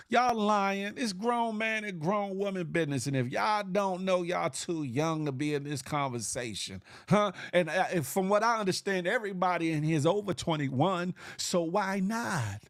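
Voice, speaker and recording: A man's voice: moderate pace, few pauses, no echo, clean studio sound. A man with a Southern US accent hosting a casual morning live stream, reading chat comments aloud and laughing often. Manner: animated, laughing, big pitch swings.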